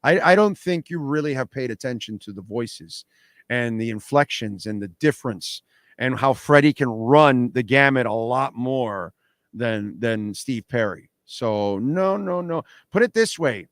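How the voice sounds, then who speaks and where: In a radio studio, a man hosts a casual sports talk show, animated and emphatic and often repeating words. His medium-pitched voice moves at an unhurried pace. The studio microphone gives a clean sound with no room noise.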